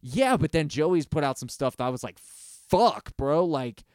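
Smooth-voiced man ranting casually, cursing freely. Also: fairly high pitch, a little fast, no echo, studio quality. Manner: animated, profane, rambling with restarts. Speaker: podcast co-host. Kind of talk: casual music review chat.

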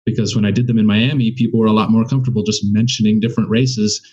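Husky-voiced rambling comedian man. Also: on the low side, level tone, quick pace, mellow, highs cut off. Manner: rambling, thinks aloud with many restarts. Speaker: stand-up comedian, guest. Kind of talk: casual podcast conversation.

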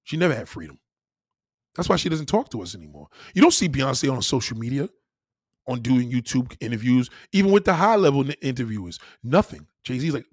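Animated, profane New podcast host. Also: male voice, mid-range voice, a little fast, no room sound, studio quality. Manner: animated, profane, laughing asides. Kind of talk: crude comedic rant.

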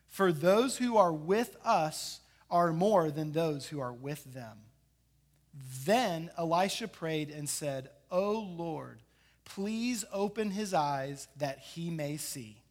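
A man preaching a sermon, retelling a scripture story in an animated way and acting out the characters. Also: high-pitched. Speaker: pastor.

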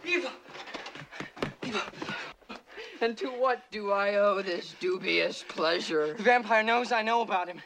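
A man's voice: high voice, measured pace, creaky, pauses often. An actor playing a manic, cackling teenage boy who is a horror fan, in a clip from a horror film. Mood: gleeful. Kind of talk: 1980s horror film acting. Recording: noisy film audio clip.

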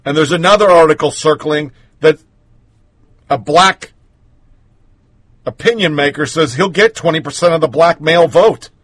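A man's voice: a little high, a bit bright, breathy edge. A male host giving punchy, sarcastic opinion commentary as he runs through headlines and poll numbers.

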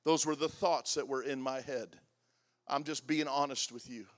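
A pastor in his sixties preaching a confessional sermon, moving between loud emphatic lines and hushed, soft passages. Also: medium pitch, fairly even intonation, normal speed. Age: 60s.

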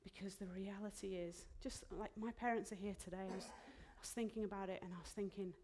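A woman preaching a sermon in a church, heartfelt and emotional, dropping into soft whispered asides. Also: medium pitch, fairly even intonation, brisk.

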